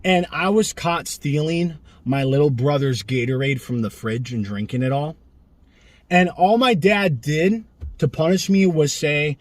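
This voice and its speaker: A young man ranting sarcastically in an animated vlog monologue, filming himself outdoors near a street. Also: on the high side, unhurried, dry recording. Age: young adult. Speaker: vlogger. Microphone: camera he films himself with.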